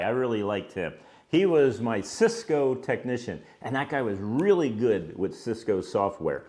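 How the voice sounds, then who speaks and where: Older male business owner, casual storytelling monologue, animated delivery with lively pitch. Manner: animated, acts out quoted dialogue with raised pitch, chuckles between lines. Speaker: business owner telling stories.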